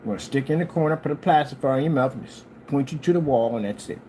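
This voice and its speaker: A man hosting his own channel, talking in a casual rambling monologue and jumping up high when he quotes people. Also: racing, slight background noise. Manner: animated storyteller, jumps high for quoted lines; scolding, talks straight to a critic. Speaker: channel host.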